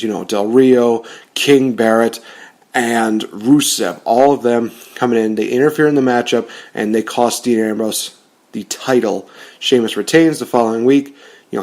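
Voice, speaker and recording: A man's voice: medium pitch, darkish tone. A man giving casual, rambling commentary on rebooking wrestling storylines, often correcting himself.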